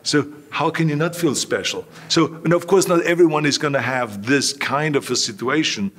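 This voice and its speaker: A man's voice: a little high, moderate pace, fairly bright tone. An older man telling anecdotes in an interview, repeating himself and acting out voices he quotes. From Austria. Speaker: interview guest. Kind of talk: storytelling in an interview.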